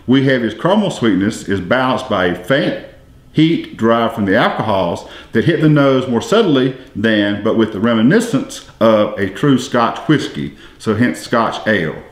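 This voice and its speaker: A man with a medium-pitched, animated voice hosts a casual beer-tasting podcast at a moderate pace. Chatty and easygoing, he reads the brewery's tasting notes aloud in an echoey room.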